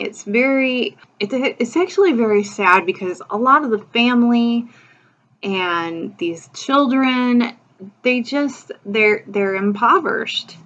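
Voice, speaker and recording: A woman's voice: medium pitch, a bit bright. Chatty woman on a dull lo-fi recording. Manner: chatty and opinionated, full of "like" and "you know". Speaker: true-crime video host. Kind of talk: casual true-crime commentary.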